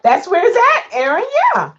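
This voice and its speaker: A woman's voice: very high-pitched, very animated, moderate pace, background noise. A woman chatting casually on a live stream as a rideshare driver, answering viewer comments and laughing often. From Baltimore. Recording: dull lo-fi sound.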